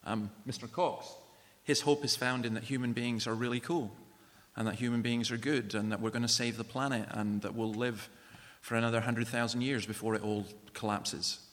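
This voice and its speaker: A man's voice: medium pitch, steady tone, normal speed, fairly bright tone. A man giving an earnest, personal evangelistic talk in a church. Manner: earnest, personal, conversational testimony. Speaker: guest speaker and author. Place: large church. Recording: long church reverb.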